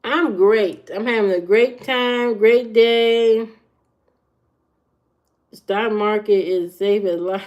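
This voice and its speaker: A woman hosts a casual livestream, reacting to viewers and handing out blunt, opinionated dating advice. Her mid-range, slightly mellow voice goes slowly with frequent pauses, and the audio is muffled and lo-fi.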